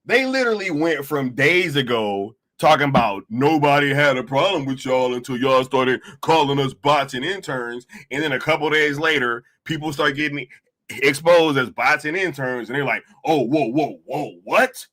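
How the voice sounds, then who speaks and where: A young man hosting a live stream, chatting casually and mocking online critics in slangy, animated talk with frequent laughter. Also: medium pitch, normal speed.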